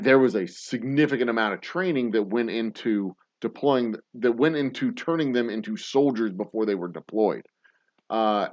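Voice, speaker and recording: A distillery owner hosts his whiskey show live, answering viewer comments in a loose, rambling way. He is blunt and profane, and his voice rises and falls freely at a middle pitch. The audio comes through dull and lo-fi, like a home livestream. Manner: rambling and blunt, swears freely, chuckles often.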